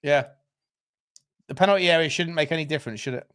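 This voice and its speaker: A man co-hosting a live match watchalong, reacting loudly with exasperated, sweary outbursts. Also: fairly high pitch, fast talker, clean tone. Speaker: watchalong co-host.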